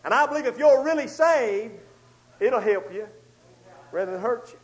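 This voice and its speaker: A man preaching a storytelling sermon, swinging between loud outbursts and hushed asides. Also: very high-pitched, animated, moderate pace, low-quality recording.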